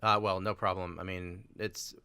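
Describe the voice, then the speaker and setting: Brief: male host, bright and lively, chatty, quick to laugh, dry close recording. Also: sits low, clear, resonant tone, no room sound. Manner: laughs often, tells jokes. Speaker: podcast host. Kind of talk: casual conversation.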